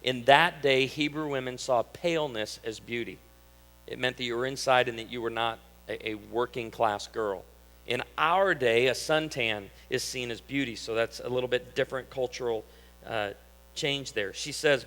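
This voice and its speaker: A man's voice: medium pitch, fairly even intonation, moderate pace, a bit bright. A man in his thirties from Illinois, a pastor giving a conversational, humorous sermon and reading scripture aloud. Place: church hall. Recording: long reverb of a church hall.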